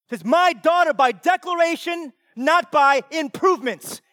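A pastor preaching a sermon with emphatic delivery that swings from loud to hushed. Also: male voice, very high voice, normal speed, no echo, studio quality.

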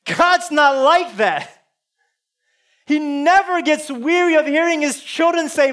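A man preaching a sermon, earnest and confessional, swinging between loud appeals and hushed asides. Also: very high-pitched, animated, measured pace. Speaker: pastor.

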